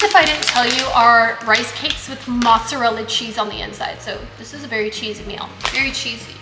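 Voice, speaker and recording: A woman's voice: high-pitched, heavy background noise. A young woman chatting to viewers in a casual cooking vlog, a bit frantic as she cooks in her kitchen. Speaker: vlogger. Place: home kitchen. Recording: echoey kitchen with long reverb. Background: soft background music.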